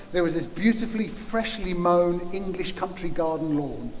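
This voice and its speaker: A man's voice: high-pitched, normal speed, hardly any pauses, a little mellow. A man preaching a sermon as a guest speaker, emphatic and building through repeated phrases. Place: church hall. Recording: long church-hall reverb, faint noise.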